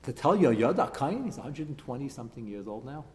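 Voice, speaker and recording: A man teaching a text class, animated and emphatic, firing rhetorical questions at his students. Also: medium pitch, a little fast, in a large hall. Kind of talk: classroom lecture with discussion.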